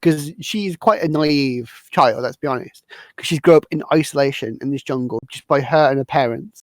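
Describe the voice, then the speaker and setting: A man hosting a podcast, recapping a film in a rambling, halting way. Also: mid-range voice, dry recording. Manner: rambling, halting, restarts words. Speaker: podcast host. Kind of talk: casual movie recap chat.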